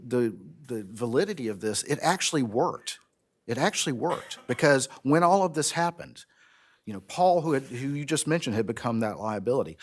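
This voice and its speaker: A man, arguing earnestly as an attorney in a courtroom oral argument. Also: medium pitch. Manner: earnest, building to emphatic. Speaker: prosecutor arguing an appeal.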